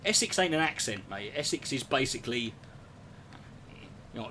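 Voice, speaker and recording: A man's voice: medium pitch, animated, normal speed, pushed and bright, a little hiss or hum. A man performing a stand-up comedy routine, rambling and profane, slipping into impressions.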